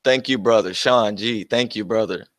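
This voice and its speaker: A young livestream host responds to chat with combative, profane mockery, laughing frequently as he casually jabs at his viewers. He speaks at a normal speed in a low, slightly bright voice. The recording is dry, from a close mic on his own stream.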